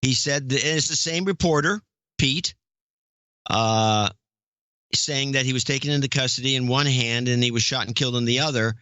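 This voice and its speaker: A man's voice: medium pitch, normal speed, sharp tone, dry recording, dull audio. A man co-hosting a podcast, talking in an opinionated, rambling, emphatic way. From lives in the Oakland area. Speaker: podcast co-host. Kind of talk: casual podcast banter.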